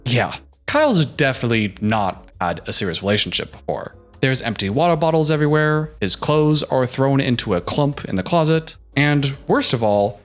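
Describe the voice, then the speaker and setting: A man's voice: mid-range voice, lively intonation, normal speed, a bit bright, soft background music. A man giving a casual, sassy recap of a reality show, throwing in joking asides. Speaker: reaction commentator.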